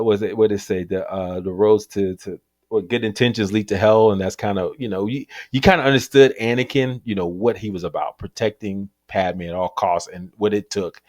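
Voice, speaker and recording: A man's voice: fairly low pitch, dry recording, studio quality. A man co-hosting a podcast, telling stories animatedly and laughing often as he chats about movies. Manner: animated storyteller, acts out quotes, laughs often. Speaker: podcast co-host. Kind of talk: casual chat about movies.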